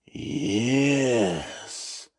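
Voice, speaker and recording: A man voicing a cold, commanding dark lord as a movie impression, slow and quietly menacing. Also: medium pitch, expressive, creaky, slightly rough, voice pushed down, exaggerated voice.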